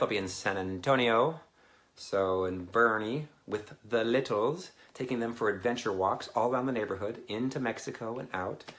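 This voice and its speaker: A man's voice: fairly low pitch, a bit bright. A man hosting a casual livestream as a minister, chatty and rambling, reading out viewer comments. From Canada. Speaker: deliverance minister and livestream host.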